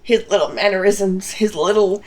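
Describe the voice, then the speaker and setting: A young woman chatting casually, full of quick, playful reactions and lively asides. Her voice sits at an ordinary middle pitch. She sounds like a friend riffing along during a watch-along. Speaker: podcast co-host. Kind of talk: casual chat reviewing a TV episode.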